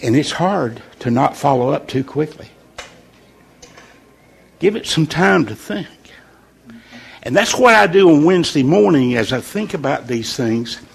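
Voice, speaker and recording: A man leading an informal morning devotional in a folksy, conversational way, pausing on purpose for emphasis. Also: fairly high pitch, creaky, slightly rough. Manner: folksy and conversational, with deliberate pauses. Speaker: devotional leader.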